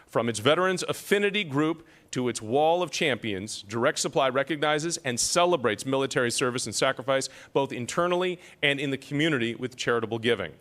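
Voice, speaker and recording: A man's voice: medium pitch, lively intonation, brisk, hardly any pauses, a bit bright. A man emceeing an awards ceremony, reading citations with self-deprecating joking asides.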